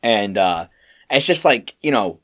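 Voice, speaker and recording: A young man co-hosting a podcast, telling work stories in a rambling, animated way with lots of fillers and restarts. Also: on the low side, unhurried. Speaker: podcast co-host. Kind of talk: casual storytelling chat.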